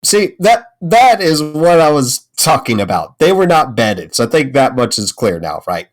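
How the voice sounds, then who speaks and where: A man's voice: on the high side, sing-song, normal speed. A man playing a tabletop game, teasing and easily exasperated in the banter. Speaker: player.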